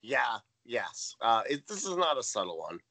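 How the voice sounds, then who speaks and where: A man's voice: mid-range voice, very animated, moderate pace, creaky, pushed and bright. A man co-hosting a podcast, recapping a TV episode in casual chat with dry, wry remarks. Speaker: podcast co-host.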